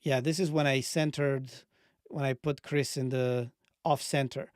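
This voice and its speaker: A man hosting a casual screen-share walkthrough of a software tool, talking through each click as he goes. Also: medium pitch, fairly even intonation, a little slow, smooth, no echo, clean studio sound. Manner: casual, conversational, thinks aloud while clicking. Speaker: channel host.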